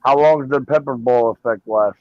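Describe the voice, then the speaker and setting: A man's voice: mid-range voice, a little fast, dry recording. A man hosting a casual panel chat, cracking jokes and telling crude stories. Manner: joking, tells crude anecdotes. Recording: dull lo-fi audio.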